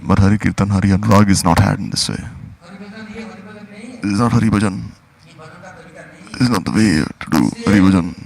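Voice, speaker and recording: A man's voice: deep voice, a little fast, creaky, long pauses, a little mellow, low-quality recording. A man giving a devotional discourse, pressing his listeners with repeated rhetorical questions. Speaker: spiritual teacher.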